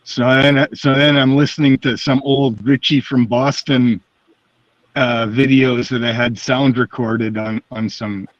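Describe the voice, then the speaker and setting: A man's voice: mid-range voice, little pitch movement, measured pace, no echo. A man in a casual group chat ranting with exasperated complaints. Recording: dry, dull lo-fi sound.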